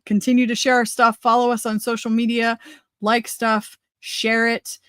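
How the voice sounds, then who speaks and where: A woman in her forties hosts a political livestream talk show, talking in an energetic, rambling, conversational way while losing her voice. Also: a little high, moderate pace, smooth, no room sound. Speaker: host.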